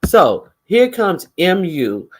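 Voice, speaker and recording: A man giving casual gossip commentary in a profane, sarcastic, animated way. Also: high voice, slow pace. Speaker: vlogger.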